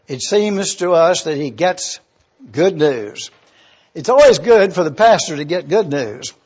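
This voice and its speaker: A man preaches a verse-by-verse sermon in a high, slightly husky voice, pausing to spell out words letter by letter. His delivery is slow and deliberate, and the recording sounds a little dull and muffled. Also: a little mellow. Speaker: pastor. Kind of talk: expository sermon.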